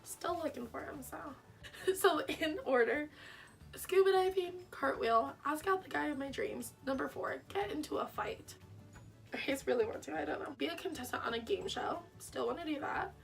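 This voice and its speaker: A woman's voice: high-pitched, animated, moderate pace, creaky, far from the mic, faint music behind. A young woman vlogger reading her old diary aloud in a casual, self-mocking, wry way, laughing at herself.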